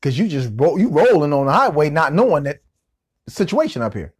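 A man doing a young traffic cop, curt and halting. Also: on the high side, sing-song, breathy edge. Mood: scolding. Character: young male police officer at a roadside stop.

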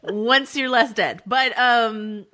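Chatty bright-voiced woman podcast host. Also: fairly high pitch. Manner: chatty, quick, laughs often. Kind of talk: casual chat.

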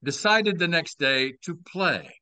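Speaking a little slowly, with a slightly high, sharp voice and lively intonation, a Southern-accented Texan man in his sixties hosts a podcast. He recounts old tales in a relaxed, chatty way, dotted with wry, playful asides, and there's no echo.

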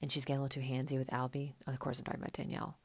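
Chatty sarcastic woman with a gravelly low voice. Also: level tone, racing, darkish tone. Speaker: podcast host recapping a reality show. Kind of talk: casual chat.

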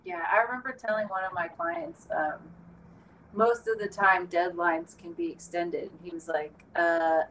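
A woman's voice: lowish voice, moderate pace, a bit bright. A woman therapist co-hosting a podcast, talking frankly and bluntly in casual chat, swearing now and then. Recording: distant mic with faint background noise.

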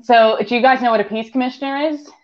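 A woman's voice: a little high, steady tone, quick pace. A woman with an Irish accent, co-hosting a podcast, telling stories in casual chat with lots of giggles. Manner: giggly storyteller. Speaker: podcast co-host. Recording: dull lo-fi sound.

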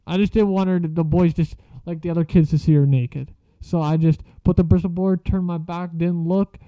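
A man's voice: a little high, steady tone, moderate pace, dark tone, no room sound. A young man telling school stories in a casual, profane, slang-heavy rambling way. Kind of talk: casual storytelling vlog. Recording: dry muffled lo-fi recording.

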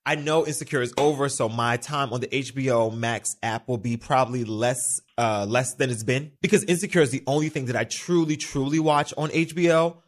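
A young man from the United States hosting a casual solo podcast, chatty and animated, swearing freely. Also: medium pitch, a little fast, hardly any pauses. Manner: animated, chatty, swears freely, quotes himself in little voices. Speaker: podcast host.

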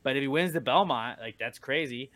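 A man hosting a casual podcast chat, telling animated stories, swearing freely and acting out quotes. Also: medium pitch, brisk, no echo. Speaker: radio morning show host.

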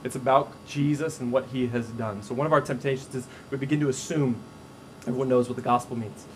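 A man preaching a sermon as a pastor, telling stories in a casual, animated way with frequent restarts. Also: mid-range voice, fairly quick, slight background noise, low-quality recording.

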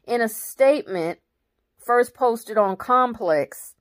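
A woman's voice: fairly high pitch, expressive, takes it slowly. A woman hosting her own commentary channel, reading news articles aloud and breaking off into blunt, profane opinions.

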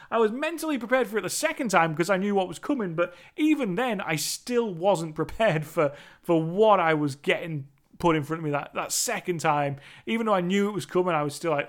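A man's voice: high-pitched, lively intonation, normal speed. A man recapping a film scene in a casual, emphatic, sweary way, often repeating himself. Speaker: movie reviewer.

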